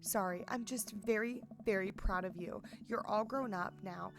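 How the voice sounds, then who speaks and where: A woman voicing a proud, soft-hearted father from a dating-sim game, reading his lines in a gentle, earnest way. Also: medium pitch, normal speed, over music, close to an everyday voice. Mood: tender. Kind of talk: reading game dialogue aloud.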